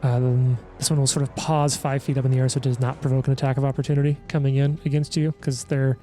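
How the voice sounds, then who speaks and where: A man running a tabletop game as game master, wry and apologetic, talking quickly with frequent restarts. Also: mid-range voice, little pitch movement, warm tone, soft background music.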